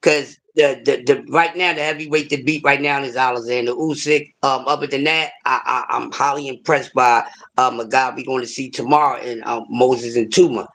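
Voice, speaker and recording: A man co-hosting casual sports talk, halting and filling pauses with "uh"s as he searches for names. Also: medium pitch, fairly even intonation, fairly bright tone.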